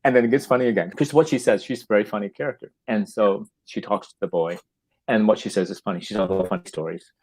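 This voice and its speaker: A man, a playwright guest in a casual chat, telling stories animatedly, often halting and repeating words and acting out what people say. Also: on the low side, breathy edge, low-quality recording. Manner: animated storytelling, acting out quoted lines.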